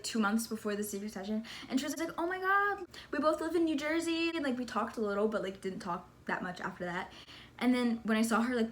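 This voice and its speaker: A vlogger with a fairly high voice tells a story in a casual vlog. She is excitable and gushing, scattering "like" throughout and calling her listener "sister."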